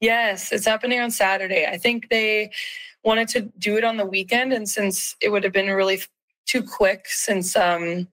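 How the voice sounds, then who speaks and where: A woman in her thirties, a hockey player speaking as an interview guest, slightly hoarse, upbeat, with frequent fillers and laughs. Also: mid-range voice, fairly even intonation, moderate pace, a bit bright, rough recording. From Saskatchewan, Canada. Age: 30s. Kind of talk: casual interview.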